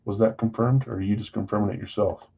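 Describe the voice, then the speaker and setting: A man's voice: lowish voice, steady tone, fast, vocal fry, breathy edge. Guy running a live card stream, rambling and casual, calls out names, kinda muffled lo-fi audio. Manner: casual, scattered, self-deprecating, reads off buyers' names. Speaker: card break host.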